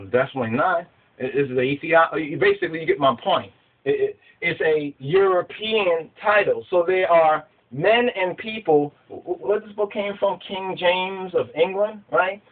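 A man giving a spiritual teaching, emphatic and repetitive, asking his listeners rhetorical questions. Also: sits high. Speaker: religious teacher. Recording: phone-like narrow sound.

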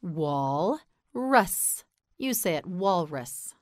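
An American woman teaching English pronunciation, slowly enunciating words and patiently prompting the listener to repeat them. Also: fairly low pitch, animated, no room sound, studio quality. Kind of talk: slow repeat-after-me pronunciation drill.

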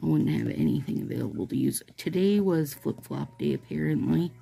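A woman's voice: low voice, lively intonation, fairly quick, creaky, dark tone. A woman vlogger chatting casually with her viewers while doing her nails, rambling in a friendly way and often calling them "you guys.". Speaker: nail art vlogger.

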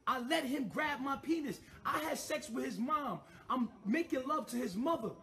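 Very high-pitched blunt man. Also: moderate pace, bright, forceful tone. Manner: blunt, boastful, slangy. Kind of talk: blunt monologue to camera.

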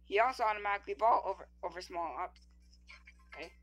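A woman's voice: medium pitch, quick pace, slight background noise. A woman giving casual gameplay commentary, stammering, repeating words and reading the screen text aloud.

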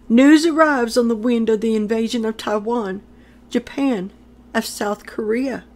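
A woman's voice: fairly high pitch, a little slow, darkish tone. A woman delivering a prophetic message in a solemn, declamatory way, repeating phrases for emphasis. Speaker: prophetic speaker.

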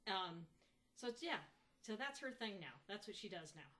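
A woman telling stories about her dog in a casual interview, halting with many restarts. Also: medium pitch. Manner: halting, many restarts, animated when mimicking.

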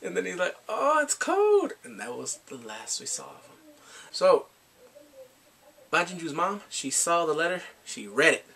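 A man casually recapping and reviewing a drama, excitable and animated, often laughing and acting out his reactions. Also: on the high side, normal speed, gravelly, pauses often, breathy edge.

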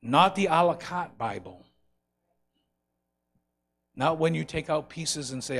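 A man preaching a sermon and leading a closing prayer, swelling loud on key lines and dropping soft between them. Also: fairly high pitch, animated, slow, pauses often. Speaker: pastor. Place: church sanctuary.

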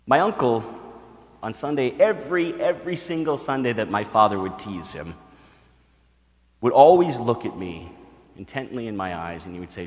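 A man's voice: on the low side, animated, fairly quick, long reverb tail. A male priest giving a retreat sermon, telling stories and asking his listeners questions. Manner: storytelling, talks to the crowd with questions.

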